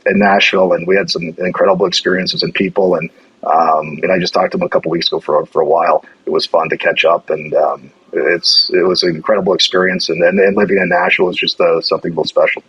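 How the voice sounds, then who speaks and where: A middle-aged man chats casually, acting out the people in his stories and restarting his sentences often. His voice is low and strongly husky. The recording sounds dull and lo-fi. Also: fast. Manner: animated storyteller acting out quoted lines, many restarts. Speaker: former hockey general manager, guest. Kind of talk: casual chat, storytelling.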